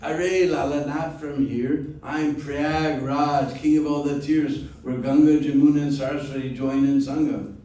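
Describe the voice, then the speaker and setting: Brief: cheerful kingly river spirit played by a man, hearty and sing-song, mellow tone, echoey room from far off. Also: a little high, fairly even intonation, unhurried, slight background noise, natural voice. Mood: jovial.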